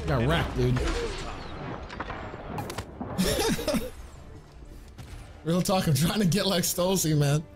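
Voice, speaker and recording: A man streaming a game, giving loud, hyped, boastful commentary full of swearing. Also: a little high, big pitch swings, drawn-out words, pauses often. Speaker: gaming streamer. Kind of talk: excited gameplay commentary. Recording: game music loud behind voice. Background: loud game music.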